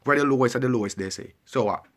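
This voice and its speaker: A man's voice: medium pitch, quick pace. A man delivering a heated, repetitive ranting monologue and pressing the listener with questions. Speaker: vlogger.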